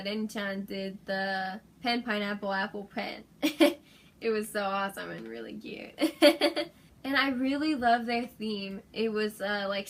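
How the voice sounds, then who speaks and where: A young woman, her voice hoarse from screaming, gushing and giggling as she recaps her day in a casual vlog. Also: on the high side. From Los Angeles, USA. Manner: gushing, giggly, fan excitement. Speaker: vlogger.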